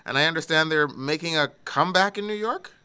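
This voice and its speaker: A man's voice: a little high, quick pace, pushed and bright, smooth. A man hosting a radio talk show, interviewing his regular guest and introducing each new subject. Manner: polished host, leading the interview with questions.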